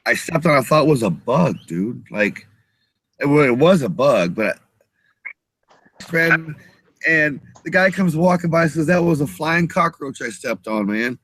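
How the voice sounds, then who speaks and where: A man's voice: on the high side, lively intonation, unhurried, a bit bright, no echo. A man chatting casually as a show co-host, laid-back and slangy. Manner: laid-back, says dude and man a lot. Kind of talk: casual chat.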